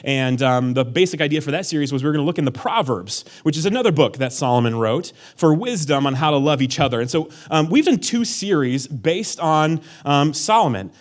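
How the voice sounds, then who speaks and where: A man's voice: fairly high pitch, expressive, brisk, few pauses. A man giving a casual sermon as pastor, joking and sarcastic, talking conversationally with many fillers. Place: church hall.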